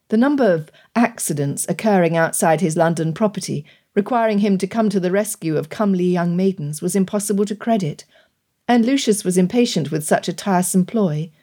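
A woman reads an audiobook aloud, telling the story in a measured, even way from a script. Her pitch is fairly low.

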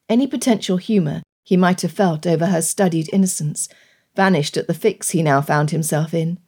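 A woman narrating an audiobook in a measured, even storytelling manner. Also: on the low side, breathy edge. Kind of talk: scripted narration.

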